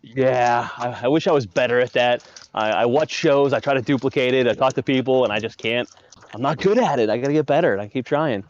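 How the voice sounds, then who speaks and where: A man in the role of a game master talks casually at an average pitch, often stammering and repeating himself as he thinks aloud. The sound is dry and a little dull, like a lo-fi stream microphone. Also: a little fast, dry recording. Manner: rambling, stammers and repeats words. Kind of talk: casual chat after a tabletop game stream.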